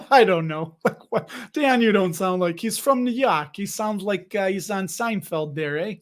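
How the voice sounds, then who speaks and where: A man's voice: sits high, measured pace. A young man hosting a casual livestream, talking with viewers in a rambling, jokey way full of fillers and restarts. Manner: chatty, rambling, jokey, with frequent fillers and self-interruptions. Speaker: livestream host reading viewer comments. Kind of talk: casual livestream chat about dividend investing.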